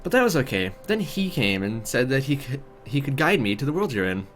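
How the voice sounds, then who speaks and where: A man voicing a shy bookish young woman at a summer camp, with raised pitch and a trembling, emotional delivery. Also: sing-song, a little fast, fairly bright tone, soft background music. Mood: tearful.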